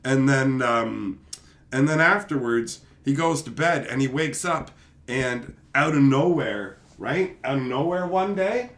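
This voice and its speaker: A man hosting his own channel, casually retelling a comic story in a rambling, profane, animated way. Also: medium pitch, unhurried. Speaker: channel host.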